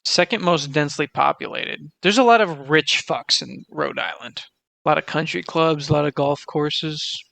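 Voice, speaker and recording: A man's voice: on the high side, moderate pace, vocal fry, fairly bright tone, no room sound. A young man in casual chat, reading out facts and swearing casually. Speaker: podcast co-host.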